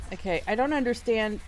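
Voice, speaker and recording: A man hosting a casual reaction video, chatty and exclaiming, often laughing. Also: very high-pitched. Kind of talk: casual live reaction commentary.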